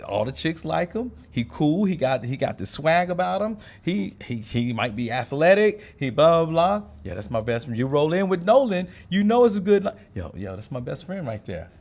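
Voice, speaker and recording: A man co-hosting a casual podcast conversation, talking in an animated way and slipping into quoted street talk. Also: fairly high pitch, moderate pace, hardly any pauses. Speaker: co-host. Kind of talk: casual chat.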